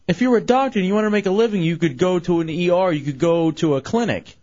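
A man's voice: high-pitched, fast talker. A man hosting a call-in radio show, talking in a casual, argumentative way and cutting callers off. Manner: animated, argumentative, cuts callers off. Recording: dull, lo-fi radio broadcast audio.

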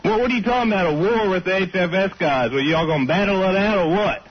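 A man's voice: high-pitched, fast talker, slightly rough. A man calling into a radio show, folksy and rambling. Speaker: radio caller. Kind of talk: casual phone call. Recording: dull lo-fi radio phone call.

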